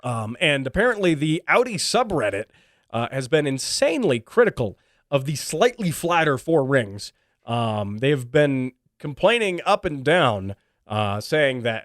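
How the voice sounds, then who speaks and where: A man's voice: medium pitch, big pitch swings, a little slow, fairly bright tone, no echo, clean studio sound. A man hosting his own car radio show and podcast, talking casually and wryly with many ums and restarts. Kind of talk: casual solo podcast commentary.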